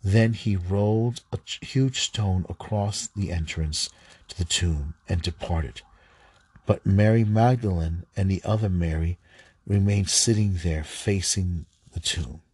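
A man reading scripture aloud, halting at times, stumbling and rereading lines. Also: low-pitched, a little mellow, breathy edge, dry recording. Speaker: scripture reader.

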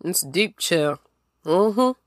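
A woman's voice: on the low side, animated, drawn-out words, dry recording. A woman co-hosting a podcast in casual chat, laid-back with dry, short interjections. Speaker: podcast co-host.

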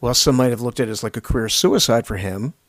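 A man's voice: mid-range voice, quick pace, a bit bright, no room sound. A man co-hosting a podcast, chatting casually and reflectively about pop music, often restarting his sentences. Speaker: podcast co-host. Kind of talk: casual chat about 1980s pop hits. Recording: music playing under the talk.

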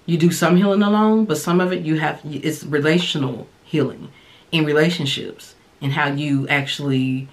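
A woman's voice: low voice, moderate pace. Candid woman giving dating advice. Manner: candid, conversational, sharing personal experience; relaxed colloquial delivery with frequent fillers. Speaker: podcast host and dating coach. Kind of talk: casual advice monologue.

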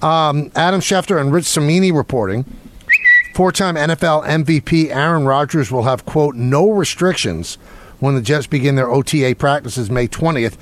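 A man's voice: on the high side, moderate pace, a little hiss or hum. A man hosting sports talk radio, opinionated and taking calls from listeners. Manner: opinionated, takes callers.

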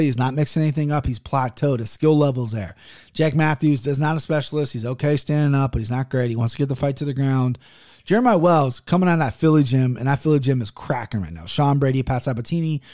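A man's voice: on the high side, a little mellow, no echo, studio quality. A man giving casual fight-betting picks, swearing freely and interrupting himself as he goes. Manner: profane and rambling; restless, self-interrupting.

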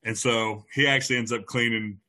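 A man's voice: mid-range voice, brisk. A man, a teacher, telling a story from his teaching days in a casual chat, acting out the voices of the people in it. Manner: animated anecdote teller who acts out quoted voices.

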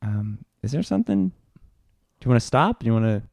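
A man's voice: lowish voice, sing-song, moderate pace, a little mellow. A man hosting an improvised comedy podcast, rambling and hesitant, stammering through comic excuses. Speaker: podcast host.

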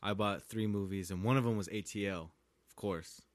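A man's voice: on the low side, normal speed, dry recording. A man hosting a casual podcast chat, laid-back, laughing often and chiming in with jokes. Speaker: podcast host.

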